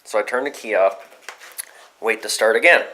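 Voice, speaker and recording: A young man vlogging casually, telling a rambling, profane story about his day with excitable outbursts. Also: on the low side, moderate pace, low-quality recording.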